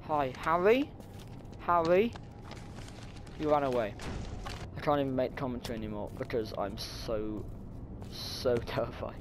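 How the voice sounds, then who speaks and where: A man's voice: medium pitch, moderate pace, pauses often, noisy background. A young man commenting on a horror game, muttering nervously to himself and breaking into sudden startled shrieks. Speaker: gaming channel host.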